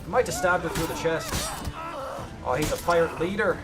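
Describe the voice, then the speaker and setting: Excitable high-voiced male game streamer. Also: normal speed, music in the background. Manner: excitable, chats to viewers, yelps at the action. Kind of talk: casual live-stream gaming commentary.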